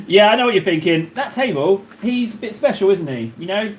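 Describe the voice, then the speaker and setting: A livestream host with a fairly high voice that swoops up and down chats to his viewers. He rambles, cracks jokes and talks straight to the chat, with a faint hiss beneath his voice.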